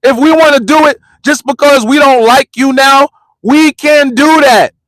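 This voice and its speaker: A man's voice: very high voice, measured pace, a bit bright, dry recording. An American man ranting in a heated vlog, talking in slang and repeating himself over and over as he confronts people from a parked car. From United States. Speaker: vlogger and commentator. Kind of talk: heated street-rant vlog.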